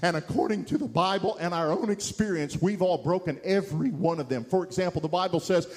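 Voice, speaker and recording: A man's voice: sits high, fairly quick. A middle-aged man preaching an evangelistic sermon, impassioned and building to emphatic peaks.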